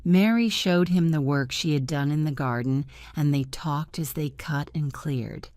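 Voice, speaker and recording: Slow, low-voiced woman narrating a story. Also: darkish tone, no echo. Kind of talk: slow graded reader narration for learners.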